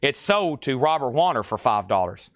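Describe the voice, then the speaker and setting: A man's voice: mid-range voice, sing-song, normal speed, no echo, studio quality. A man hosting a live vinyl record sale, rattling off titles, conditions and prices with chatty asides. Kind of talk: live record auction patter.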